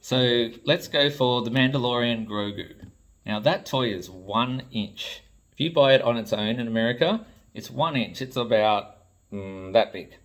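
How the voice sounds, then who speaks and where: A man's voice: mid-range voice, a little slow, a bit bright. An Australian man, a toy designer, ranting to camera in an exasperated, blunt way and swearing freely. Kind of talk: ranting vlog commentary.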